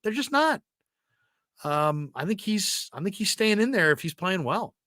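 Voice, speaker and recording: Casual male sports host, bright and forward, dry sound. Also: high voice, a little slow, no room sound. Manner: animated, self-interrupting storyteller.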